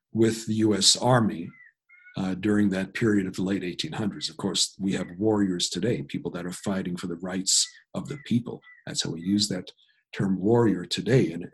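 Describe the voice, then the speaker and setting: A man's voice: lowish voice, slightly rough. A man telling a personal story in a reflective, self-deprecating way. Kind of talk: personal anecdote.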